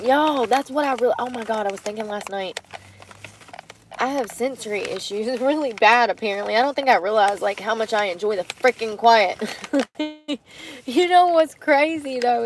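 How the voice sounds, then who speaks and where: With a slightly high voice and a little hiss or hum on the audio, a young woman vlogs while eating in her parked car. She chats in a relaxed way and laughs frequently.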